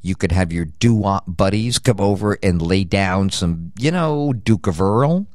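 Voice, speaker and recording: Older guy radio host rambling and joking, low voice, swoops up and down a lot, dry studio sound. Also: expressive, a little slow, darkish tone, no room sound. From United States. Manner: rambling, jokey, riffs on lists. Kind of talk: rambling promo read.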